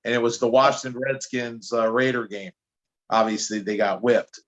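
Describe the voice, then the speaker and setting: Telling casual stories on a podcast, this chatty anti-drug speaker from New Jersey sounds animated and keeps stumbling into restarts. His mid-range voice moves at normal speed over dull audio.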